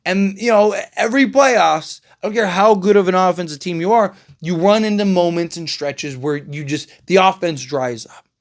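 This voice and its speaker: A man's voice: high voice, normal speed. A man hosting a casual basketball commentary show, talking conversationally with frequent restarts, fillers and rhetorical "right?" tags. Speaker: sports podcast host.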